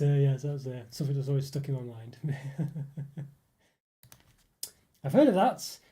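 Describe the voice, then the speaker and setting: A man's voice: on the high side, mellow. A young man hosting a casual live stream, rambling and chatting with viewers, with lots of fillers and restarts. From northeast England. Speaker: livestream host reading chat.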